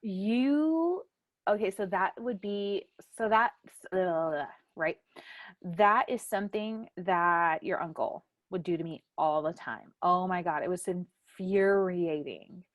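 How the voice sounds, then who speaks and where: A young adult woman hosting a casual family podcast chat, an animated storyteller who laughs often and acts out quoted lines loudly. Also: lowish voice, slow pace, dry recording. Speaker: podcast host.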